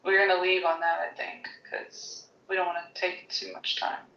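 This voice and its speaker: A woman hosting a podcast in casual chat, blunt and quick to laugh. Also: fairly low pitch, level tone, vocal fry, sharp tone. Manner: chatty, laughs often, blunt. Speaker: podcast host. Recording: echoey, dull lo-fi audio.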